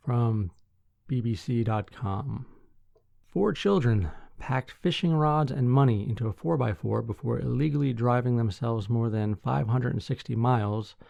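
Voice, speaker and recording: A sleepy man hosts a podcast, reading news articles aloud and stopping for deadpan asides. His voice is gravelly and mellow. The recording is dull and dry, made close to the mic. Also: medium pitch, dry recording. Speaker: podcast host.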